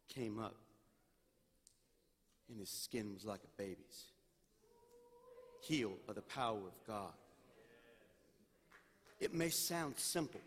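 A senior pastor preaching a sermon, moving from loud pleading to quiet storytelling. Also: male voice, a little high, husky. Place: church sanctuary. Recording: long church reverb.

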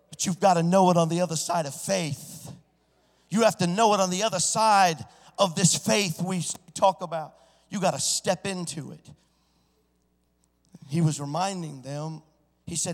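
A man preaching a sermon, swinging from hushed storytelling to loud, shouted exclamations. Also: high-pitched, animated, moderate pace, long pauses. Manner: preaching with sudden swells into shouting. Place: church. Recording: church sanctuary with long reverb.

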